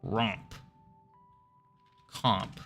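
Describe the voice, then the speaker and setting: Guy streaming his coding, slow and easy talker, bright voice, bit of music playing behind. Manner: chatty, talks to viewers, playful asides. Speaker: game developer streaming. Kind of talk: casual live-stream chat while coding.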